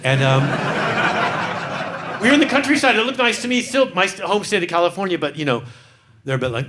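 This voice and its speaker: A man's voice: sits high, very animated, a little fast, pauses often, heavy background noise. A man from San Francisco doing stand-up comedy in a club, teasing the crowd in a camp manner with lots of restarts. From San Francisco, USA. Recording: live club with audience. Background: audience laughing.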